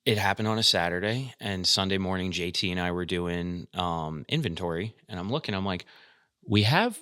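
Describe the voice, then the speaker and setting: A man's voice: low voice, steady tone, sharp tone, smooth, no echo, studio quality. A man who works the shop at an airsoft park, telling a blunt story on a podcast. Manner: quick, blunt storytelling with swearing. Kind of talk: casual podcast chat.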